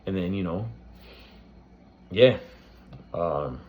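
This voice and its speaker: A man's voice: low-pitched, lively intonation, extremely slow, darkish tone, lo-fi sound, slight background noise. A man hosting his own reaction channel, talking loosely with lots of fillers and restarts. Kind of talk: casual tribute talk to camera.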